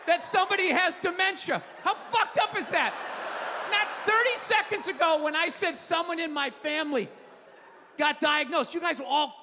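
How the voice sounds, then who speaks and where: A man does stand-up, ranting and swearing, dropping to muttered asides then shouting. His voice sits high and rings through a large hall with a long tail. A noisy crowd laughs and claps behind him. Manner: ranting, profane, swings from mumbled asides to shouting. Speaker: stand-up comedian. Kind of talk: stand-up comedy set. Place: theater stage before a live audience. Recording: live hall with crowd noise. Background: crowd laughing and applauding.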